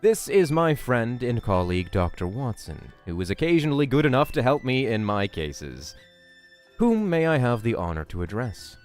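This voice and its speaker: A man voicing a polite, composed male detective in a storybook reading, courteous and measured. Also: medium pitch, big pitch swings, a little mellow, soft background music, lightly acted.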